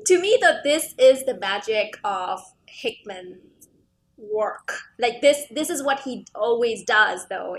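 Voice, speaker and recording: Rambling woman co-host, slightly high voice. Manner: rambling, many fillers like "like" and "you know". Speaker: podcast co-host. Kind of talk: casual chat about comics.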